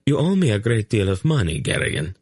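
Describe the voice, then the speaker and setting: A man's voice: on the low side, huge pitch swings, brisk, darkish tone, breathy edge, dry recording, pitched above the performer's own voice, heavily acted. A man voicing a sly, urbane male spy and merchant with a dry, unflustered manner. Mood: smug.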